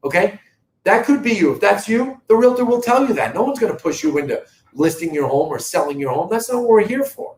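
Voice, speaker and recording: In a live video market update, a middle-aged real estate host from Boston talks to viewers in an earnest, emphatic sales manner. His high voice is expressive and fairly quick, and the low-quality recording sounds reverberant.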